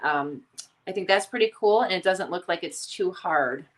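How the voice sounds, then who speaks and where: Hosting a relaxed livestream, this woman from the Chicago area talks with a nasal local accent in a lowish, animated voice at normal speed. She's chatty, reads viewers' comments out loud, and fills her talk with ums.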